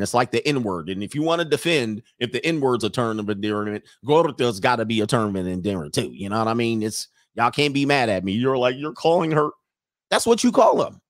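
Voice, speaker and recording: A man hosting a casual live commentary stream, loud and joking, with slangy asides and drawn-out exclamations. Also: medium pitch, no echo, clean studio sound. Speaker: livestream commentary host.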